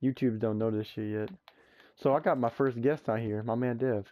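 Young man, let's play host, casual storytelling, profane slang, dark tone. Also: mid-range voice, moderate pace. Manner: animated, slangy, swears freely. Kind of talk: casual gameplay chat and storytelling. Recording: muffled lo-fi audio.

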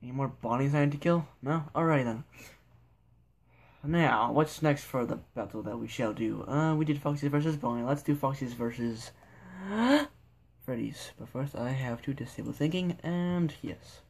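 Here a young gameplay video maker offers silly, meandering commentary on a sandbox game, addressing both himself and the characters. His medium-pitched voice is animated, with vocal fry, at a normal speed.

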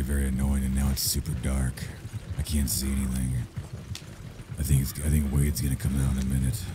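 A man's voice: very deep voice, background noise. A man streaming a game, chatting casually and rambling, easily annoyed. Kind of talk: casual gameplay chat and role-play.

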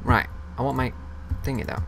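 A young man with a gravelly mid-range voice, speaking at a normal speed with a little hiss or hum behind him, hosts casual let's-play commentary. He talks to his viewers and the game's creatures, curses freely, and gets loud and worked up when something ambushes him.

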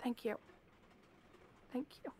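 A woman's voice: sits high, takes it slowly, slight background noise. A woman playing a stammering frightened captive girl. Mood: pleading, scared. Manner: stammering, fearful, pleading. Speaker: captive speaker in audio drama. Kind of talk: audio role-play.

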